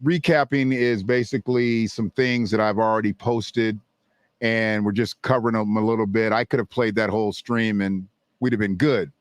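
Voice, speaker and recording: A man with a fairly low voice hosting a casual livestream. He talks in an unhurried way, full of fillers and restarts, and the sound is dry and close. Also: fairly even intonation, dry recording. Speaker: livestream host.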